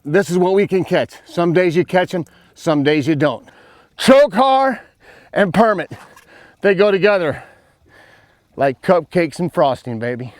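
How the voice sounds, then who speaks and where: A man, a fishing guide hosting his show, giving excited folksy commentary from a boat outdoors while talking to viewers. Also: high voice, measured pace, pauses often, dry recording. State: breathing hard.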